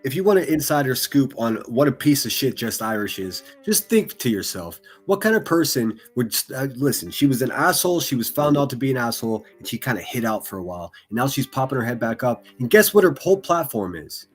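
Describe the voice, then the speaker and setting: A husky, mid-pitched man rants through a mocking reaction commentary, swearing freely. He sounds like a streamer tearing into a clip. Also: big pitch swings, brisk, few pauses. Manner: mocking, ranting, heavy swearing.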